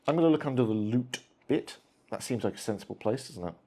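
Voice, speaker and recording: A man's voice: medium pitch, lively intonation, fast talker, warm tone, slight background noise. A man hosting a solo tabletop wargame session, chatting casually and talking to his cats between dice rolls. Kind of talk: casual play-through commentary.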